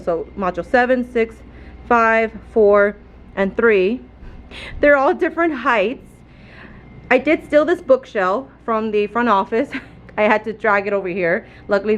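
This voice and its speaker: A woman, a fourth-grade teacher, vlogging from her classroom with a phone, animated and laughing often, audibly stressed and frustrated. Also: a little high, highs cut off. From Texas. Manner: animated, laughs often, keeps addressing viewers as y'all. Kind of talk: casual classroom vlog. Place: indoor school classroom.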